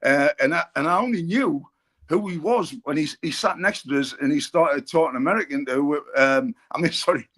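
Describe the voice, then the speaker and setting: A man's voice: a little high, moderate pace, fairly bright tone. A middle-aged man with a Geordie accent, chatting casually on a football podcast and telling rambling anecdotes full of fillers and restarts. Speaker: pundit on a football fan podcast. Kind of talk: casual chat.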